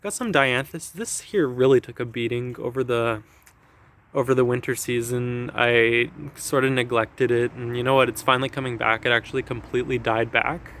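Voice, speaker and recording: A man's voice: mid-range voice, steady tone, a bit bright. A young man walking through his backyard garden, chatting casually, a bit out of breath and correcting himself as he goes. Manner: chatty, self-correcting, quick little laughs. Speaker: gardener vlogger. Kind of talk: casual garden tour walkthrough. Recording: faint outdoor noise, passing planes.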